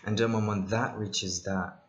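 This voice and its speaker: A man casually talking through a software tutorial, thinking aloud with many ums and side jokes. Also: on the low side, fairly even intonation, unhurried. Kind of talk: casual screen-recorded tutorial.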